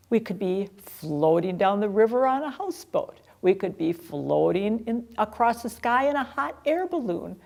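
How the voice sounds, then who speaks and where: A woman's voice: on the high side, animated, moderate pace, vocal fry, few pauses, darkish tone. A middle-aged woman telling a personal story in a chatty, self-deprecating way, laughing at herself. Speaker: speaker sharing personal story.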